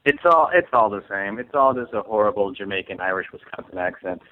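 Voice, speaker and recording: Rambling comedian on a tinny phone-like line. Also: male voice, on the low side, lively intonation, a little fast, dry recording. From Saint Louis, USA. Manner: rambling, heavy on fillers, laughs often. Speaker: comedian guest. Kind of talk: casual comedic chat.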